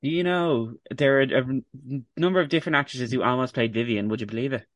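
A woman co-hosting a podcast in casual chat, teasing and lively. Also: very deep voice, fast, no echo. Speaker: podcast co-host.

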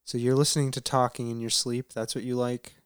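A woman's voice: a bass voice, little pitch movement, a little fast, clean tone, no room sound, clean studio sound. A woman co-hosting a casual family podcast, asking teasing, playful questions. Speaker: podcast co-host.

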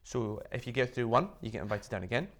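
A man, a guest in an interview, telling his story in a chatty, animated way with lots of fillers and restarts. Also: mid-range voice, quick pace. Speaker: interview guest, business founder. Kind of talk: casual storytelling.

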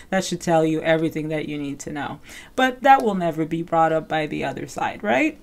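A chatty woman hosts a casual recap show in a slightly low voice. She piles on fillers as she talks and acts out other people's lines while retelling them. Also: moderate pace. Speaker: podcast host.

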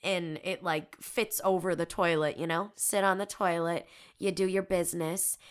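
A woman's voice: fairly low pitch, steady tone, normal speed, clean tone. A woman in her twenties hosting a podcast, telling candid, self-deprecating stories in casual chat with frequent giggles. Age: 20s. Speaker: podcast host.

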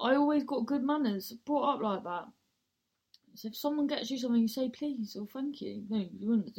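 A woman's voice: on the high side, darkish tone. A young woman hosting her own podcast, rambling casually and swearing freely as she tells everyday stories. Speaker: podcast host. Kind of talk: casual monologue.

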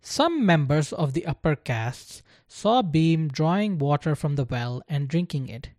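A narrator reading a story aloud in a slow, deliberate scripted style. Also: mid-range voice, animated, a little mellow, dry recording, clean studio sound.

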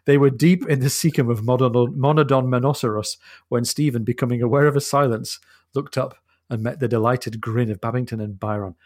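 A man's voice: medium pitch, steady tone, a little fast, darkish tone, no echo, studio quality. A man co-hosting a podcast, casually discussing a novel and reading passages aloud with expression, laughing often. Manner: thoughtful, reads quotes with expression, laughs often. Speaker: podcast co-host.

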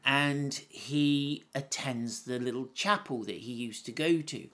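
A man's voice: mid-range voice, measured pace, a bit bright. A man giving informal Bible teaching in a conversational, storytelling way, often breaking into laughs.

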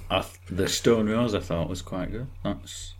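A man co-hosting a podcast in casual chat, deadpan and grumbly. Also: fairly low pitch, measured pace, slight background noise. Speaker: podcast co-host.

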